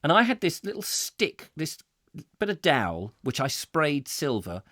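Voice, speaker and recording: A middle-aged man hosts a comic chat show, telling stories and acting out little voices. His pitch swoops and bounces all over, and the sound is dry and close. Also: a little slow, no room sound. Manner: lively storytelling, acting out voices with laughs. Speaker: host.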